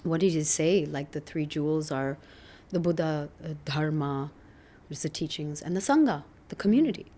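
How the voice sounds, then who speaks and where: A middle-aged woman speaks as a podcast guest in a low, earnest voice. She sounds reflective and laughs often. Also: lively intonation, normal speed, mellow. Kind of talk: candid podcast conversation.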